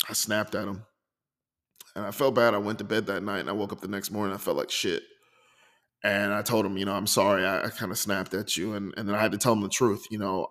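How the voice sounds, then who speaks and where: Man, low voice, confessional podcast host reading his poetry, reverberant room. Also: a bit bright. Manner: reflective, confessional, slows down to read poems.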